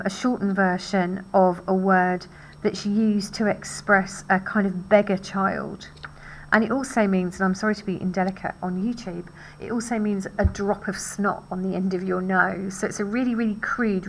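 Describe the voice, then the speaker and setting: A woman teacher walks through a scene of a play, speaking in an explanatory, conversational way at an ordinary middle pitch. She sounds thoughtful, with a faint hum of room noise behind her. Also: rough recording. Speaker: English literature teacher. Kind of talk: literature lesson.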